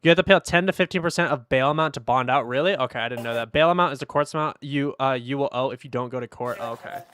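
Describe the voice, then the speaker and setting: A man's voice: medium pitch, quick pace, a bit bright, slight background noise. A young man reacting to videos on a livestream, talking bluntly to chat with plenty of swearing. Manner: blunt, profane, talks straight to chat. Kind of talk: casual livestream commentary.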